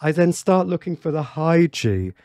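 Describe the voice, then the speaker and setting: A man's voice: fairly high pitch, big pitch swings, normal speed, darkish tone, dry recording. Man, piano teacher, chatty tutorial, fillers and restarts, dry close sound. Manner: chatty, many fillers and restarts, counts beats aloud.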